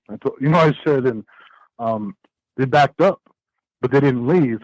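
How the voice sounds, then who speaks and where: A man's voice: medium pitch, unhurried, dry recording, rough recording. Man telling a rambling story. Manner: rambling, animated storytelling with many fillers and restarts. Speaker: podcast guest. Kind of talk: casual storytelling in a podcast interview.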